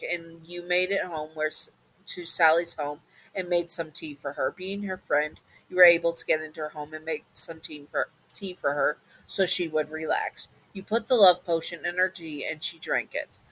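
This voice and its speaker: A woman's voice: low voice, fairly bright tone, rough recording. A woman narrating a listener role-play story in a casual, chatty way, sometimes correcting herself. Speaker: narrator and channel host.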